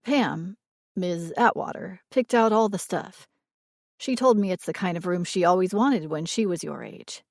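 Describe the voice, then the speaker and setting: A woman voicing a wealthy single father, speaking low and quiet. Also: a little slow, vocal fry, dry recording, studio quality. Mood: coaxing. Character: grown man, wealthy single father, gruff.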